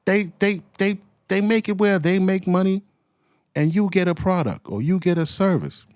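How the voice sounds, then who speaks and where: A man's voice: high voice, normal speed, a little mellow, clean tone, no room sound, clean studio sound. A man giving a heated, profane commentary rant full of slang, as the show's host. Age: adult with children. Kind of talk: ranting commentary.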